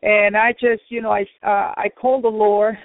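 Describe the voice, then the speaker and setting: A woman's voice: medium pitch, level tone, normal speed, no room sound. A woman giving an earnest personal faith testimony on a radio program, repeating herself and calling out to her brothers and sisters. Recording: tinny phone line, dry.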